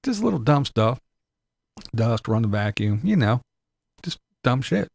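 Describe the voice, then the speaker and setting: A man's voice: mid-range voice, sing-song, a little slow, vocal fry, darkish tone, no echo. A man talking in a rambling, sarcastic, casual way, swearing a lot as he complains. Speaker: vlogger. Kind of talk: casual profane chat.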